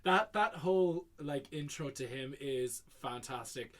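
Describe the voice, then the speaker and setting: A man co-hosting a podcast, chatting casually about a film, quick and laughing. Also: medium pitch, fairly bright tone. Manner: quick, laughing, acts out movie lines. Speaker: podcast co-host.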